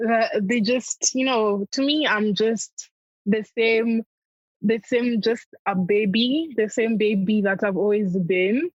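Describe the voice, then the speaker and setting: A young woman, a comedian appearing as a guest, chats animatedly in a casual interview, laughing often and acting out family members in quotes. Her voice is medium-pitched and she takes her time; the audio is dull with no echo.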